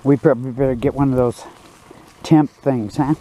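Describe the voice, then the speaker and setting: A man's voice: mid-range voice, steady tone, moderate pace, warm tone. A man narrating his own outdoor cooking vlog beside a campfire in the woods, in a folksy, joking, laid-back way.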